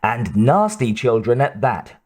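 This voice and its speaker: An exasperated crew member, as a male audiobook reader puts them on, scolding with impatience. The delivery is slow and heavy. The pitch is middling. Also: big pitch swings, a little mellow.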